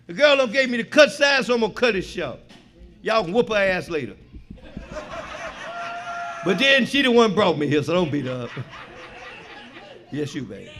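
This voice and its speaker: A middle-aged man speaks at a recovery meeting in a high voice. He tells his story with street slang and plenty of swearing, booming on the punchlines and dropping low and quiet in the reflective stretches. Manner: animated storyteller, swings between loud punchlines and quiet reflection. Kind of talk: personal recovery share. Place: meeting hall before an audience.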